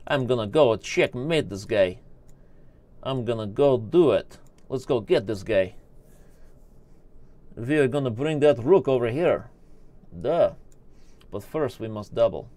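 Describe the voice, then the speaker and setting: Brief: a grandiose man with a thick put-on accent and broken English, a streamer's bit, with a lively, bouncing pitch. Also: unhurried, long pauses, lightly acted. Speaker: online chess streamer.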